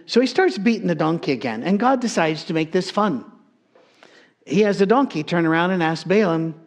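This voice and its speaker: A man's voice: on the high side, animated, brisk. A man preaching a sermon, telling a story in a humorous, conversational way.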